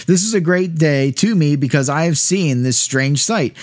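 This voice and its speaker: A man's voice: a little high, expressive, moderate pace, dry recording, studio quality, lightly acted. A man reading aloud as an awestruck woman midwife, in a solemn, slightly raised voice. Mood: awed.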